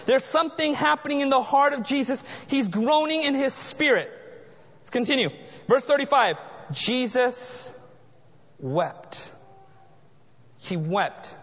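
A man preaching a sermon as pastor, dramatic, dropping to a hush for emphasis. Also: very high-pitched. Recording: muffled sound in a large reverberant hall.

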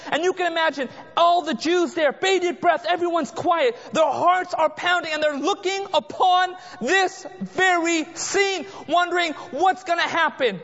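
A man preaching a sermon as pastor, dramatic, dropping to a hush for emphasis. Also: very high voice. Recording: muffled sound in a large reverberant hall.

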